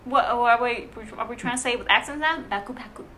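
A woman with a Hawaiian Pidgin-influenced accent chatting casually on a podcast, animated and quick to laugh and protest. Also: fairly high pitch. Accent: Hawaiian Pidgin-influenced English. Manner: animated, giggly, mock-indignant. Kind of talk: casual chat.

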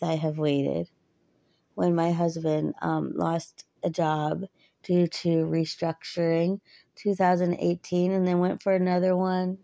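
In a personal faith talk, a podcaster in her thirties speaks earnestly and chattily, laughing often. Her low voice has a warm tone and a gravelly, fry-tinged edge, and she talks slowly. The recording sounds dry and close.

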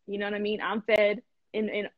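A woman hosting a live stream in casual chat, animated and emphatic, laughing often and full of slang. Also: medium pitch, a little fast, no room sound, highs cut off. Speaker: host.

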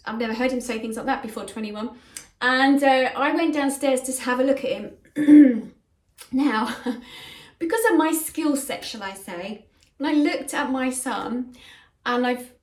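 Middle-aged woman in an echoey room. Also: a little high. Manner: earnest, conversational, with frequent fillers. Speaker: spiritual medium. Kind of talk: casual first-person storytelling. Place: bedroom in a home.

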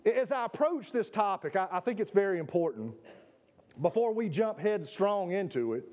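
A pastor delivers a sermon in a church sanctuary, his voice sitting high for a man. He preaches with emphasis, doubling words and putting questions to his congregation. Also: expressive, normal speed, darkish tone.

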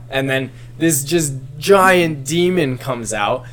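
A man in casual chat who retells a story in a rambling, animated way, full of filler words. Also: medium pitch, normal speed, music in the background.

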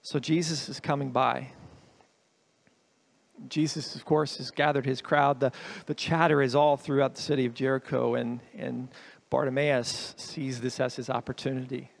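A man giving a sermon as a guest preacher, telling the story with lively shifts in loudness and emphasis. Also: medium pitch, normal speed, creaky.

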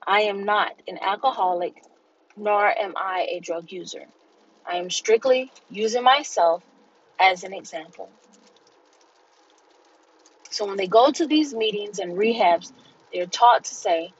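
A woman hosting a podcast, giving an inspirational faith talk in a slow, deliberate, preaching way. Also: mid-range voice, highs cut off, a little hiss or hum. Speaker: podcast host.

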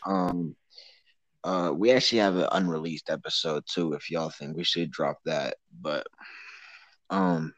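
A man's voice: very deep voice, measured pace, a bit bright, no room sound. A teenage boy hosting a casual podcast with friends, rambling, laughing and swearing as he talks. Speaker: podcast host. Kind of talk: casual chat among friends. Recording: dull muffled lo-fi sound.

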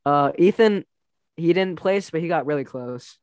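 A man's voice: a little high, lively intonation, normal speed, darkish tone, clean tone, no room sound. Young man chatting, dry close sound. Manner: rambling, laughing, lots of fillers. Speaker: wrestler telling stories. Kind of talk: casual chat.

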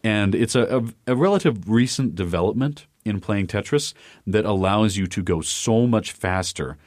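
A man with a low voice co-hosts a casual podcast chat. He rambles, stopping and restarting with plenty of fillers. The sound is dry and close, with no room echo. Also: lively intonation, normal speed, a little mellow. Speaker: podcast co-host.

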